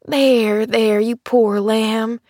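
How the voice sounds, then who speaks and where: A woman reading a storybook, voicing a kindly rustic housemaid who speaks in a brisk, motherly, homespun dialect. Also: sits high, fairly even intonation, no echo, clean studio sound, pitched above the performer's own voice. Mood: crooning. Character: kindly rustic young housemaid, plain-spoken.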